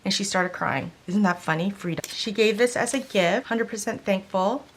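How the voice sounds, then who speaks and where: A middle-aged woman talking through a stationery haul in a casual, chatty way that turns emotional and excitable. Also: mid-range voice, normal speed. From Korean. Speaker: stationery vlogger. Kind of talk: casual show-and-tell haul.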